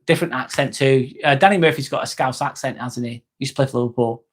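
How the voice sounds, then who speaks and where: A man's voice: medium pitch, fast. A man, chatting bluntly and casually with viewers on a livestream, full of "um" and "mate". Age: 40s. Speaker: livestream host and nurse.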